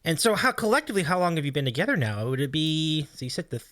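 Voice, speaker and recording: A man's voice: on the high side, fast talker, slight background noise. A man hosting a casual interview, effusive and full of praise. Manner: animated, effusive, says "like" and "really cool" often. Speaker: podcast host.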